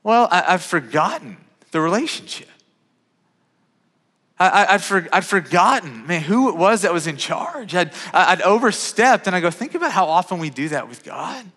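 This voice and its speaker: A pastor in his thirties preaches with a lively, conversational flow, stumbling over and repeating his words as he goes. His voice is slightly high and sharply bright. The sound carries a long reverberation from a church sanctuary. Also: normal speed. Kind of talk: sermon. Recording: reverberant hall.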